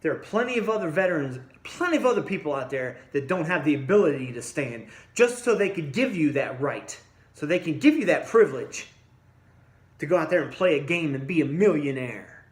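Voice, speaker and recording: A man delivering an angry, blunt monologue straight at his listeners, swinging from low mutters to loud outbursts. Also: very animated, a little fast, echoey room. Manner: blunt, combative, addresses listeners directly. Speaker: vlogger.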